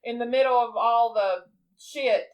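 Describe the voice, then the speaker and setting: Chatty woman with a higher voice. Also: unhurried, darkish tone, rough recording. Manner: laughing, chatty retelling of scenes. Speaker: podcast co-host. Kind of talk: casual movie recap chat.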